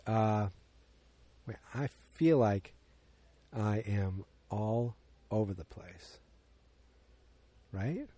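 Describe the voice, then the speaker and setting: A man's voice: medium pitch, darkish tone, dry recording. A man casually recapping a movie on a podcast, rambling, losing his place and acting out bits of dialogue. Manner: rambling, loses his place, acts out lines in quick voices. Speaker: podcast host.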